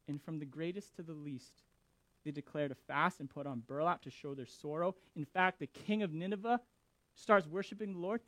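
A male pastor preaching a sermon, animated and emphatic with dramatic pauses. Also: sits high, no echo.

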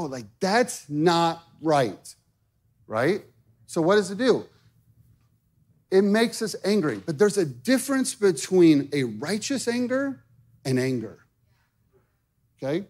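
A man's voice: on the high side, a little mellow. A man in his thirties preaching a sermon in a conversational way, often checking in with "okay?". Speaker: pastor.

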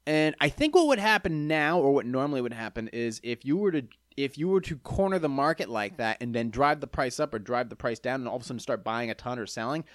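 A man in a casual chat who talks in an animated way, swears freely and often restarts his sentences. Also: medium pitch, fast, hardly any pauses, dry recording, studio quality.

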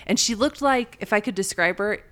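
A woman co-hosting a podcast, telling a story in a casual, animated way and laughing often. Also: medium pitch, a little fast. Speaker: podcast co-host.

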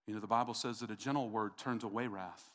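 A man's voice: lowish voice, steady tone, quick pace, fairly bright tone. A middle-aged man preaching a sermon, emphatic and repetitive, calling out to the congregation. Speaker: pastor.

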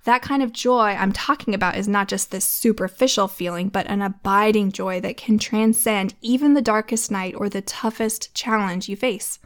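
A woman's voice: mid-range voice, normal speed, hardly any pauses. A woman in her thirties hosting a faith-based podcast for mothers, talking earnestly and laughing often. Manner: earnest, warm-hearted, laughs often, tears up reading lyrics. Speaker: podcast host.

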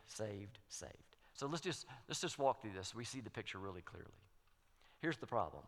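A man's voice: a little high, pushed and bright. A man preaching a sermon as pastor, emphatic, repeating key phrases and building to strong peaks. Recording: long hall reverb.

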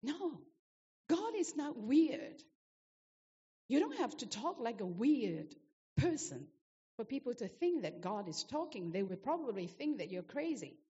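A woman's voice: on the high side, big pitch swings, measured pace, warm tone, long reverb tail, lo-fi sound. A woman preacher delivering a sermon, emphatic and repetitive, asking the congregation rhetorical questions.

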